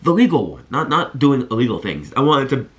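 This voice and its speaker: A man's voice: mid-range voice, fairly quick. Earnest young man giving college advice. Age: 20s. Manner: earnest, animated storytelling, speaks straight to viewers. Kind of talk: energetic talk to camera.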